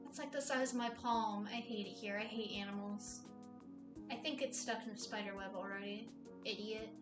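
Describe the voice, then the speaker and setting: A young woman streaming a game, reading the story aloud and chatting, sarcastic and quick to swear. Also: mid-range voice, fairly even intonation, over music.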